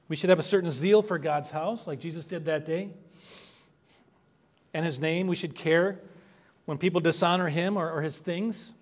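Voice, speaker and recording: A man's voice: on the high side, moderate pace, pauses often. A man preaching an expository sermon as pastor, earnest and conversational, rising in emphasis on key points. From United States.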